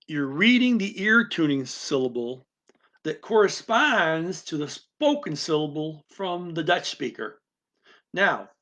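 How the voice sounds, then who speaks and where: A man's voice: fairly high pitch, fairly bright tone. A man teaching a language-learning method, explaining it in an unscripted, rambling talk full of restarts and asides.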